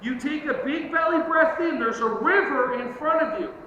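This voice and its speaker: A man leading a live fitness workshop for teachers, energetic and joking as he coaches the group through movements. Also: very high voice, normal speed. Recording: echoey hall, distant lo-fi mic, noisy.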